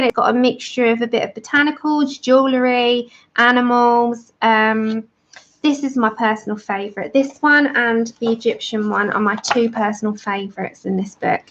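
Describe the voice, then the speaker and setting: A woman hosts a colouring channel's livestream, chatting enthusiastically with viewers and greeting them by name. Her voice sits on the high side, and the recording sounds muffled.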